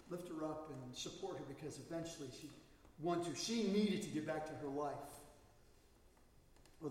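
A man preaching a sermon, stressing key words and drawing them out slowly. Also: on the high side, a little mellow. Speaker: pastor. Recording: echoey hall, mic at a distance.

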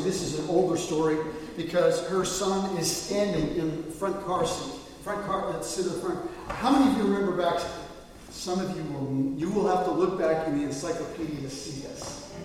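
A man preaching a sermon as pastor, moving between quiet asides and emphatic quoted lines. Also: on the high side, steady tone, a little fast, slight background noise. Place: church sanctuary. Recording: echoey hall, voice from far off.

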